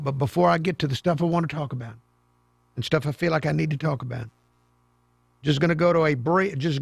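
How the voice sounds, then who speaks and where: A male talk radio host speaks in a rambling, repetitive folksy monologue. His voice sits a little high and has a gravelly fry, heard close and dry. Soft music plays underneath. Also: dry recording. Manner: chatty, rambling, repeats himself.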